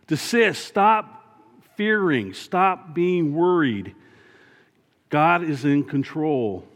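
A man serving as a church elder, giving an earnest sermon and repeating his key points for emphasis. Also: mid-range voice. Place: church sanctuary. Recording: long church reverb.

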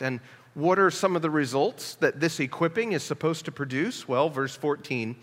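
A male pastor preaching a teaching sermon in earnest tones, often pausing with "uh" fillers. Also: on the high side, expressive, a bit bright, in a large hall. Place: church sanctuary.

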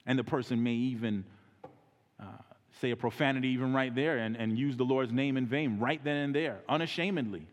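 A man preaching a sermon as pastor, earnest and animated, acting out street conversations in a softer voice. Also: medium pitch, fairly quick. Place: church sanctuary. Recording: church hall with long reverb.

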